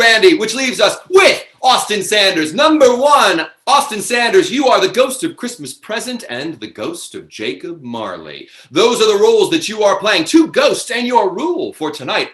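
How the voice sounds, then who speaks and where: A man's voice: sits high, a bit bright, roomy sound. A man hosting a live online improv comedy show, announcing the cast and rules with upbeat, theatrical patter over a video call.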